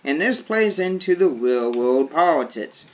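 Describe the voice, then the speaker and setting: A man with a slightly high voice talks very slowly over his gameplay, weighing each phrase and circling back to repeat himself. The recording sounds dull and lo-fi, like a modest home mic. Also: lively intonation. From United States. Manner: slow, deliberate, repeats himself. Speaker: gaming video creator. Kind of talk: gameplay commentary.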